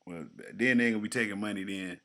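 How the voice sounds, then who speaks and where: A man co-hosting a podcast in casual, profane, animated chat. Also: on the low side, fast, crowd noise. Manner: profane, animated, jokey storytelling. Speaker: podcast co-host.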